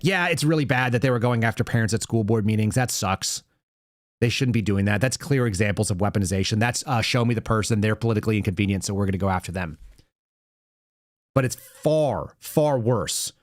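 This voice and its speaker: A man's voice: lowish voice, dry recording, clean studio sound. A man hosting a political podcast, telling stories in a conversational way and often restarting his sentences as he goes. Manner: conversational storytelling with quoted dialogue and restarts. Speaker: podcast host. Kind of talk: casual political commentary.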